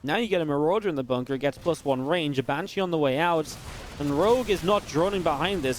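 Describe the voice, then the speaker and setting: A man giving live play-by-play commentary on a strategy game match, quick and excitable, with restarts and filler words. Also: fairly high pitch, a little hiss or hum. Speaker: esports caster.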